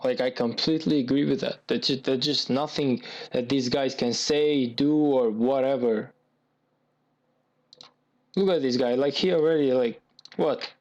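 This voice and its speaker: A man's voice: medium pitch, a little slow, darkish tone, muffled recording. A man giving gameplay commentary, venting in an agitated, repetitive way as a gaming YouTuber.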